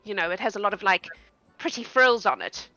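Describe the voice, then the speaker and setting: A woman voicing a brisk, hospitable human fisherwoman of a small fantasy village. She bustles and fusses over her guests. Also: medium pitch, very animated, bright, forceful tone, faint music behind, rough recording. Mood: worried. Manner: fussy, hurried, welcoming.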